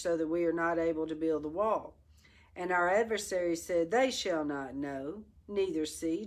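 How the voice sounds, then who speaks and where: Fiery woman Bible study teacher. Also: lowish voice. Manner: fiery, exhorting, breaks into laughter and exclamations.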